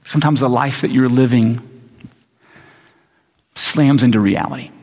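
Gravelly man preaching in a reverberant hall. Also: mid-range voice, unhurried, a little mellow. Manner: casual, conversational storytelling with slangy asides. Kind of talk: sermon. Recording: long reverb of a large hall.

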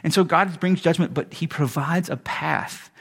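A man preaching a sermon in a conversational way, correcting himself mid-sentence and rising into animated asides. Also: on the high side, moderate pace, gravelly, slightly rough. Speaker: pastor.

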